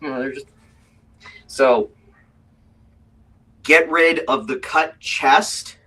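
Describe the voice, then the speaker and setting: Lively man narrating a tabletop game, bright tone, kinda husky, sounds a bit far from the mic. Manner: lively storyteller, quick shifts into high put-on voices. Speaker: game master. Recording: voice from a distance.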